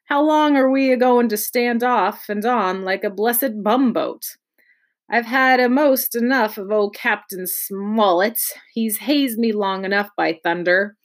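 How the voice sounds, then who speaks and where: A woman's voice: medium pitch, unhurried, lightly acted. A woman voicing a surly male pirate coxswain who grumbles impatiently. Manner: growling, impatient.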